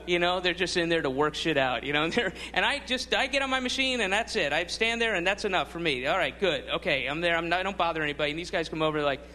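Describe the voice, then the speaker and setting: A man's voice: fairly high pitch, lively intonation, fast, hardly any pauses, sharp tone. A man doing a stand-up routine on a club stage, rambling with wry laughing asides. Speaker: stand-up comedian. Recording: live club with crowd and noise.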